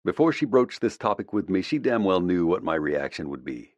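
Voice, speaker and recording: Man, audiobook narrator, low voice, expressive intonation, dry close mic. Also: fairly quick, no room sound. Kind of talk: first-person audiobook narration.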